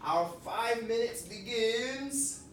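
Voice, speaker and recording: A facilitator teaching a puppetry workshop to a group, animated and coaxing, often asking the room questions. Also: mid-range voice, slow, a little hiss or hum. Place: large room with a group of participants. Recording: echoey room, picked up from a distance.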